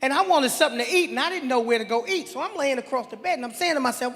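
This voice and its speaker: A man's voice: very high-pitched, lively intonation, very fast, fairly bright tone. A man telling his side of a story on a comedy stage, laughing and easygoing. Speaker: guest storyteller. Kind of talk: stand-up storytelling. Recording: live stage in a hall.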